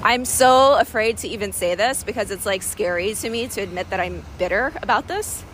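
A woman's voice: medium pitch, a little fast, a bit bright, a little hiss or hum. A woman talking candidly and emotionally in a personal vlog, rambling with many fillers, recorded outdoors in a city. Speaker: vlogger.

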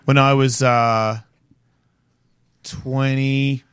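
A man's voice: mid-range voice, little pitch movement, extremely slow, fairly bright tone, clean tone, dry recording. Rambling blunt Australian man, dry sound. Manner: rambling storyteller, blunt and profane. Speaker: podcast guest. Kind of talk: casual chat.

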